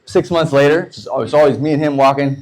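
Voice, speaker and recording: A stand-up comedian, an American man in his thirties, spins loose, profane stories and does quick voices for the folks in them. His pitch is fairly high with a slightly mellow quality, captured on a low-quality recording.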